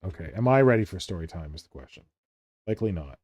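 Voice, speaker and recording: A man's voice: deep voice, expressive, fast talker, darkish tone. A man hosting a casual hobby painting stream, chatty and playful with his co-hosts. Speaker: streamer host.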